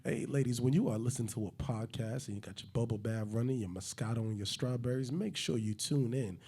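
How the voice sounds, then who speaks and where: A man co-hosting a podcast, recording promo intros, switching between a hyped announcer shout and a smooth seductive voice. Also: medium pitch, a little fast. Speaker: podcast co-host. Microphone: handheld microphone.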